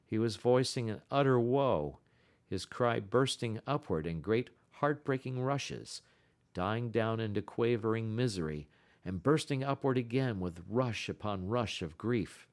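A man narrating a classic novel as an audiobook in a measured storytelling delivery. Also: on the low side.

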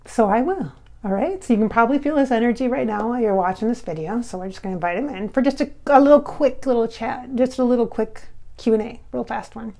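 Woman, giggly casual chat at home, lots of fillers, bit of vocal fry, braces-softened S sounds. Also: on the high side, fast talker. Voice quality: slightly blurred S sounds from clear braces. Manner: chatty and giggly, many fillers and restarts. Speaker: spiritual medium and channel host.

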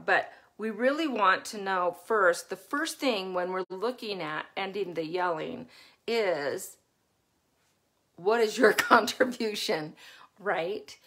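Chatty middle-aged woman parenting coach. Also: mid-range voice. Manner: chatty, laughs often, acts out her own yelling. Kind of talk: live-stream talk.

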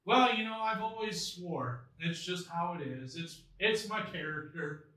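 Pastor putting on a drawling southern swearer, bright and defiant, distant echoing sanctuary. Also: male voice, sits high, animated, a little slow, full character voice. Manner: loud, drawling, mocking. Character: brash male southern hillbilly, unrepentant swearer. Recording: echoey church hall from far off.

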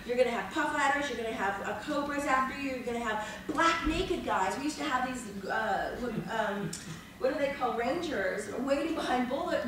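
A woman in her fifties, an actress on a panel, telling behind-the-scenes stories in a lively, dramatic way, laughing and swearing freely. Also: high voice, moderate pace. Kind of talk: animated anecdotal storytelling. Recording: echoey room, mic far off, noisy.

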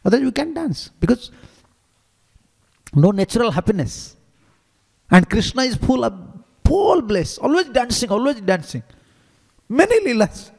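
Lively high-voiced man giving a sermon. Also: moderate pace, creaky, pauses often, in a large hall. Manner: animated, in simple non-standard English. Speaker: monk giving a scripture class. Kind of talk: devotional lecture with storytelling.

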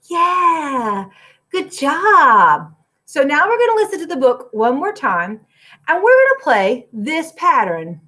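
A woman's voice: high-pitched, sing-song, takes it slowly, pushed and bright, a little hiss or hum. A woman music teacher, recording a lesson for young children from her classroom, clapping and chanting rhythms and breaking into short sung lines.

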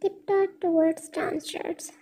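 A woman's voice: very high voice, fairly even intonation, slow, warm tone, poor audio. A woman reading a fan fiction story aloud, speaking the speaker tags and stage cues along with the text.

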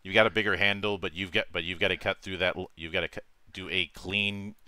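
Bright-toned low-voiced man chatting. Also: fairly even intonation, quick pace, no echo. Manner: rambling, many restarts, chuckles often. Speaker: host. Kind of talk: casual chat.

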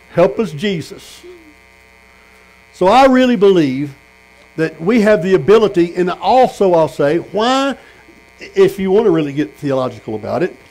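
Fairly high-voiced preacher man. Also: a little mellow, rough recording. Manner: storytelling, asks the congregation questions. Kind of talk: sermon. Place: tent meeting.

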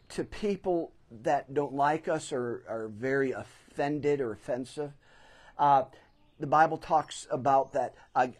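A middle-aged pastor preaching in a church, his voice sitting a little high for a man. He tells a story from his own life and leans hard on the phrases that matter. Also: a little mellow. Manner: storytelling, emphatic swells on key phrases. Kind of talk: sermon. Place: church sanctuary.

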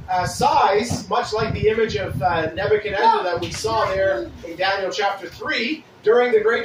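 High-voiced man preaching in an echoey room. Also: distant mic, background noise. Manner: deliberate preaching with frequent restarts and scripture reading. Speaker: pastor. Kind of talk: sermon.

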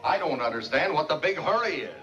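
An actor playing a plain-spoken American senator in a 1950s film, speaking in a blunt, businesslike way. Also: male voice, a little high, lively intonation, quick pace, a bit bright. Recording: dull 1950s film soundtrack with music.

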